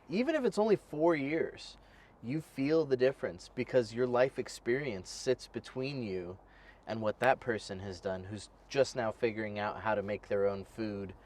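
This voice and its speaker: Man, thirties, low voice, podcast host, chatty, animated, a bit far from the mic. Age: 30s. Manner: animated, chatty, laughs easily. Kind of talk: casual conversational interview.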